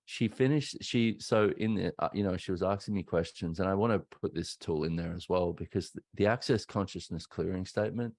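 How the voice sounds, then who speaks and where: Aussie guy in his 30s, really low voice, dry close mic, chatty and candid like he's just telling you what happened. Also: a little fast, hardly any pauses, darkish tone, no room sound. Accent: Australian. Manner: candid, conversational, acts out quoted voices. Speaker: podcast host. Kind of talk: reflective personal storytelling.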